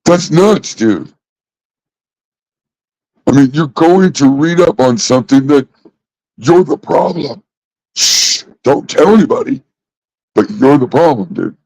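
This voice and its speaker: A man in a casual vlog rant, exasperated and heavy on the swearing as he circles back to the same points. His voice sits at an ordinary middle pitch. The sound is dry, with no room echo. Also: animated, slow pace, pauses often, a little mellow. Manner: exasperated, profane, repeats himself. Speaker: vlogger.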